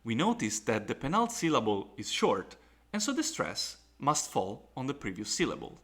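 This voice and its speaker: A man's voice: medium pitch, wildly swooping pitch, normal speed, fairly bright tone. A man teaching a recorded lecture on pronunciation, explaining carefully with fillers and restarts. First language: Italian. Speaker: Latin teacher.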